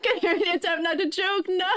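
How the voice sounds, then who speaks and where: Woman streamer, very high voice, unhurried, choked up with happy tears and giggles. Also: a bit bright. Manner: laughing through happy tears, thanking viewers. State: crying. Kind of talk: casual live-stream chat.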